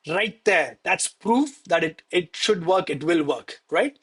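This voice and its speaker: A man with a fairly high, husky voice talks straight to his stream viewers. He is emphatic and preachy, repeating himself to drive the point home, and openly lets himself get emotional. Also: lively intonation, normal speed, few pauses. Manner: emotional, admits getting worked up. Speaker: live-streaming gold trader. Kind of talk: live trading stream talk.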